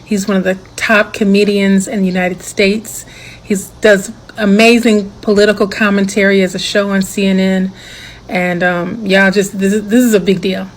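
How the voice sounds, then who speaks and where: Excited woman commentator. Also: medium pitch, normal speed, low-quality recording. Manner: excited, emphatic. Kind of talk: enthusiastic commentary video.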